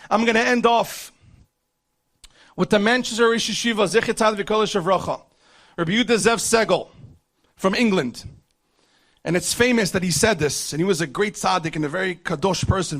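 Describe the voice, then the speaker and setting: A man's voice: very high-pitched, a bit bright. A man teaching a religious class, speaking earnestly and urging his listeners, with many Hebrew terms mixed in. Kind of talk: religious lesson.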